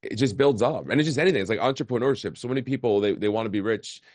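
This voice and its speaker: A man's voice: medium pitch, rapid-fire, a little mellow, no echo. A man in his forties, a podcast guest, telling his life story in a casual, candid way and often repeating words. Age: 40s. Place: remote call.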